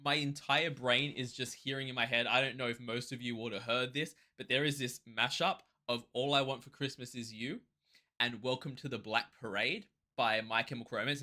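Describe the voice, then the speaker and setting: Bright-voiced excitable male reactor. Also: mid-range voice. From Australia. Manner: excitable, rambling with quick restarts. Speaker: music reaction channel host. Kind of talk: casual reaction commentary.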